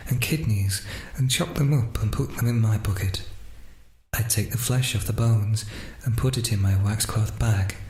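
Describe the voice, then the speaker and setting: A man voicing a calm, creepy male killer confessing in court, in a low, slow voice. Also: reverberant, lightly acted.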